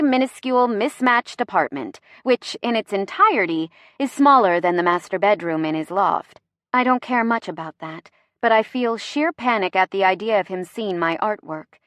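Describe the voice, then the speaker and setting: A woman narrating a first-person romance audiobook in an expressive, playful way. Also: mid-range voice, no room sound, studio quality.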